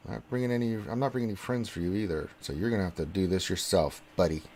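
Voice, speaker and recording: Streaming a game live, this man narrates his play, cracking jokes and addressing the characters on screen while shifting between loud excited shouts and quiet muttering. He talks at a quick pace.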